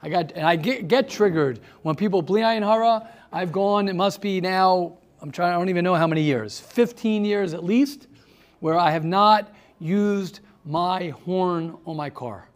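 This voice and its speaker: This rabbi's voice is high-pitched and his pace measured as he leads a seminar. He motivates a small group through animated stories, calling on people by name and repeating words for emphasis.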